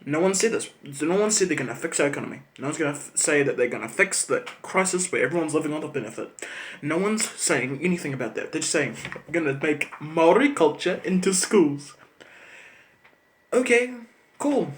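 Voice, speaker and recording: A man with a New Zealand accent rants to camera. He is profane and sarcastic, and his voice sits slightly high for a man. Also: sing-song, fast talker, a bit bright. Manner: angry, profane, sarcastic ranting. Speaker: channel host. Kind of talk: ranting vlog monologue.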